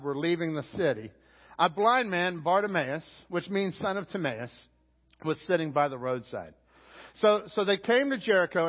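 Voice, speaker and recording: A pastor with a Pittsburgh accent preaching a sermon, animated, acting out shouted lines from the text. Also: male voice, on the high side. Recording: dull sound with long hall reverb.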